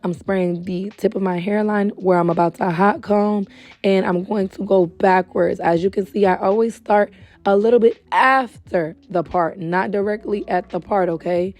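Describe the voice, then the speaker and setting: Young woman, wig tutorial host, chatty, a bit hoarse and winded, mellow dark tone. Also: medium pitch, fairly even intonation, moderate pace. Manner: chatty, calls viewers girl and baby. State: tired and hoarse, short of breath. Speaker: beauty supply wig stylist host. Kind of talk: casual tutorial talk to camera. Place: indoors at home.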